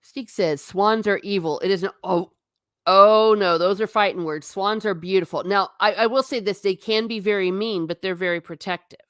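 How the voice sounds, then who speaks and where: A woman's voice: medium pitch, moderate pace, a bit bright, no room sound, clean studio sound. A woman chatting casually with viewers on a live stream while showing travel photos, often laughing and stumbling over repeated words. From not Irish. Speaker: livestream host.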